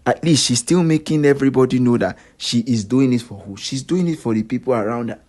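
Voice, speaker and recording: A man's voice: mid-range voice, fairly quick, a little mellow. Repetitive man in celebrity gossip monologue. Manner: repetitive, emphatic, rhetorical questions. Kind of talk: solo monologue commentary.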